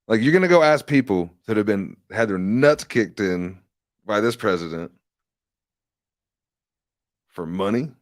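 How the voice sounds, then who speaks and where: A man with a lowish voice that swings up and down a lot as he rants through a casual livestream. He talks in a rambling, sarcastic way and swears freely. The sound is dry and close, with no room echo. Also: lively intonation, unhurried, pauses often. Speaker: livestream host and candidate.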